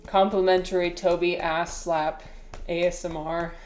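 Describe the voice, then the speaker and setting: A woman livestreaming in casual chat, rambling and hesitant with many fillers and restarts, now and then cooing softly to her cat. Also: fairly low pitch, level tone, unhurried. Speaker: livestreamer and teacher.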